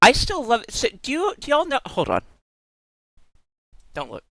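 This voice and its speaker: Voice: high voice, huge pitch swings, moderate pace, vocal fry, sharp tone. A young adult live streamer chatting casually, giggling often, gushing over cute pictures and swearing freely.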